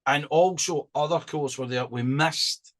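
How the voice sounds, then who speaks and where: A man's voice: on the high side, measured pace. A man co-hosting a podcast, talking in a chatty, rambling way with many restarts. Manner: chatty and rambling, with frequent restarts and lively rising emphasis. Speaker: podcast co-host. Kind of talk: casual chat.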